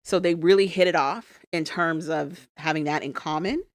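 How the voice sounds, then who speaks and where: A woman with a somewhat low voice recaps a reality show in a casual podcast chat, acting out what the people on screen said. She is on a close mic in a dry room. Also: normal speed, no room sound. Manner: animated storytelling, acts out quotes. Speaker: podcast co-host.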